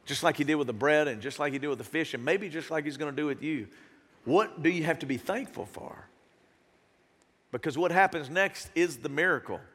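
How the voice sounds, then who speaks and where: Guy preaching a sermon, kinda high voice, lots of echo in the church hall. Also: brisk. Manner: animated, earnest preaching with sudden loud bursts. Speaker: pastor.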